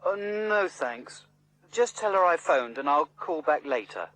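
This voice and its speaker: Adam, a friendly young caller. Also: male voice, fairly high pitch, expressive, measured pace, a bit bright, no room sound. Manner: friendly, polite. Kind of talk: scripted textbook dialogue.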